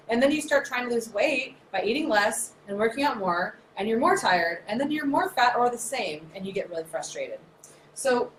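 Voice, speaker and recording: A woman in her thirties talks through health science in a chatty, animated, nerdy way. Her voice sits a little high. The room is echoey, with a faint hiss behind her. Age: 30s. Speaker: naturopath presenter. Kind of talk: casual explanatory talk.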